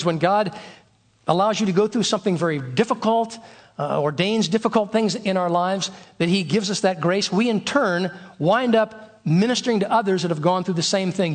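A male pastor preaching a sermon, his voice pitched notably high for a man. He stresses his main points emphatically and circles back to repeat them. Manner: emphatic, repeats key phrases.

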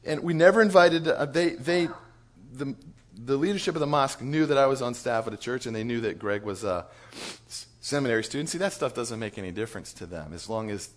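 Guy from church staff telling a story to leaders, animated, chuckles a lot, regular pitch. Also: fairly quick.

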